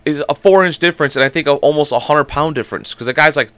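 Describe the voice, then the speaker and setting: Fast-talking man telling sports stories. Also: on the high side, a bit bright, clean tone, dry recording. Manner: rapid storytelling, swears freely. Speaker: podcast co-host. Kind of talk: casual sports chat.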